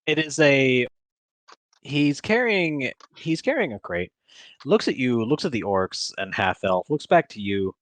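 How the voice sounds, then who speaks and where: A man's voice: mid-range voice, big pitch swings, a little slow, fairly bright tone, dry recording. A man narrates a tabletop game as game master. His voice moves up and down a great deal and he sounds playful. The recording is dry and close.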